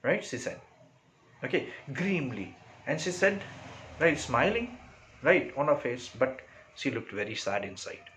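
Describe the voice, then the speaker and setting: A male teacher with an Indian English accent walks through a story line by line, tagging nearly every phrase with "right?" or "okay." His voice sits in a middle pitch, and a faint hum runs underneath. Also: very animated, a little slow, fairly bright tone, poor audio. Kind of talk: explaining a story to a class.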